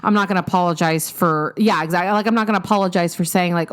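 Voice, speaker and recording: Young mom podcast cohost, talks super quick, chatty and candid, lots of likes and ums. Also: female voice, on the low side. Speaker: podcast co-host. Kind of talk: casual chat.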